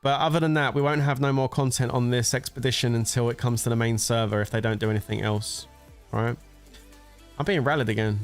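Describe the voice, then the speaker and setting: A man's voice: medium pitch, fairly even intonation, brisk, faint music behind. Chatty man streaming a game. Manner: chatty and jokey, often laughing. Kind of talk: casual gameplay commentary.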